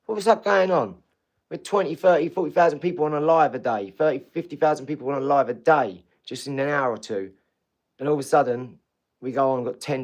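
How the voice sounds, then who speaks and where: A man hosting a casual livestream, talking to viewers in a chatty, rambling way and often repeating himself. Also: medium pitch. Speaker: livestream host.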